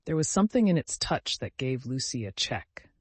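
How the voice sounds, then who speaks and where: A man narrating an audiobook in a measured, even delivery. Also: mid-range voice, husky, no room sound.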